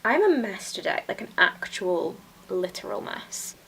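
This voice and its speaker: A young British woman chatting casually while doing her makeup, often dropping into soft whispers. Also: mid-range voice, very animated, measured pace, gravelly, a little hiss or hum. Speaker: beauty vlogger. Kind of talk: casual get-ready-with-me chat.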